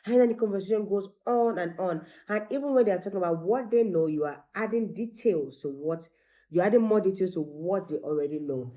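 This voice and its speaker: A middle-aged woman, a teacher and mother, giving animated parenting advice and acting out bits of dialogue. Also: mid-range voice, a little fast, lo-fi sound. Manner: animated, acts out quoted dialogue.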